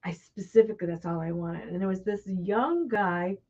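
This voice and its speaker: An older woman hosting a casual live chat, recounting a story with lively energy and frequent laughter at herself. Her voice sits at an ordinary middle pitch. The recording is slightly dull and lo-fi, like a home livestream. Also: moderate pace. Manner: animated storyteller, laughs at herself, voice rises sharply when excited. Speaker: host. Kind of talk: casual conversation on a live broadcast.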